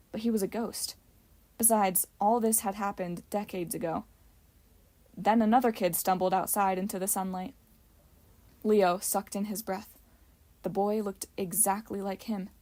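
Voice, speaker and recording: A woman reading a novel aloud for a homemade audiobook. She carries the story at an even, steady storytelling pace, with a voice of ordinary pitch. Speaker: audiobook narrator. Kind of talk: amateur audiobook narration.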